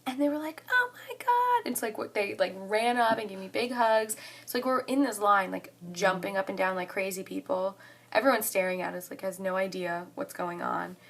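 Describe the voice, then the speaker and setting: A young woman in her twenties telling a story to the camera in a casual vlog, excited and chatty, saying "like" often. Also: mid-range voice, a little fast, vocal fry. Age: 20s. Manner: excited and chatty, heavy use of "like". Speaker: college student vlogger.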